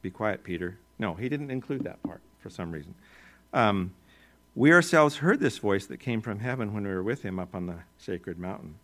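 A male pastor with an American accent preaching a sermon in a relaxed, conversational way, with joking asides and chuckles. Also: fairly low pitch, moderate pace.

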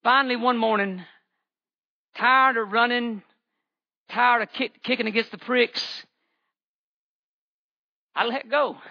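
A man's voice: very high-pitched, steady tone, takes it slowly, creaky, long pauses, dull audio. A man, giving a fervent church testimony with repeated phrases and stammering restarts. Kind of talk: impassioned testimony sermon.

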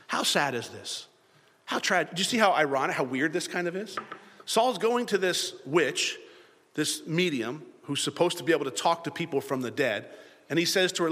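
Animated preacher in a reverberant hall. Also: male voice, on the high side, fairly quick. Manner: animated, acts out biblical dialogue in voices. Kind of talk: sermon.

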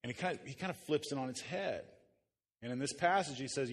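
A man's voice: mid-range voice, brisk, breathy edge, long reverb tail. Casual, joking male pastor preaching. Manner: casual, joking, with frequent restarts. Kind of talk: conversational sermon. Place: church before a live congregation.

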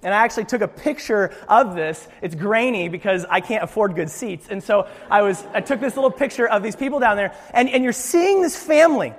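A young man preaching a sermon in an animated, joking way, with frequent restarts. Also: extremely high pitch, in a large hall. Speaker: pastor.

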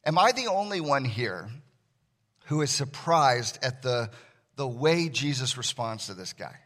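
A man preaching a sermon as a pastor, conversational and animated, acting out the voices he quotes. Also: mid-range voice, a little slow.

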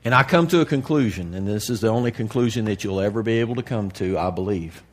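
A man preaching to a congregation in a candid, folksy way, dropping to a hush and then rising to loud emphasis. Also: lowish voice, lively intonation, fast talker. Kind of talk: sermon.

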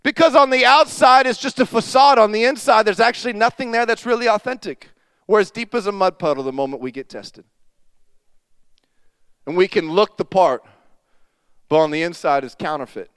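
A pastor preaching with animated storytelling, acting out the voices in his anecdotes. His voice sits high for a man and sounds smooth and resonant. The sound is dry and close. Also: normal speed, dry recording. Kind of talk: sermon.

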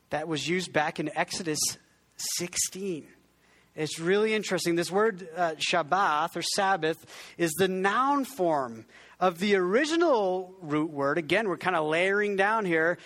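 A man's voice: high voice, a bit bright. Conversational man preaching a sermon. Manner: conversational, self-deprecating, frequent restarts; has the congregation repeat words. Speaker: pastor.

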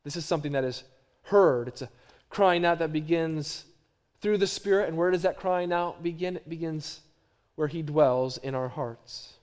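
A middle-aged male pastor preaching a sermon, swinging from hushed, low phrases to loud, emphatic repeated lines. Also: normal speed.

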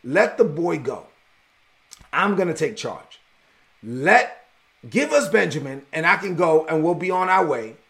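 A preacher puts on a grown son arguing with his father, insistent and exasperated. The voice sits high and gravelly. He talks in a streetwise way as he pleads. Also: animated, measured pace, pauses often, fairly bright tone, heavily acted.

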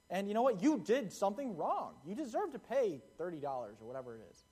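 A man's voice: a little high, very animated, a little fast, darkish tone. A young man giving a casual, conversational sermon, acting out the voices in the stories he tells. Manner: conversational, acts out quotes in the parable. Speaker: preacher.

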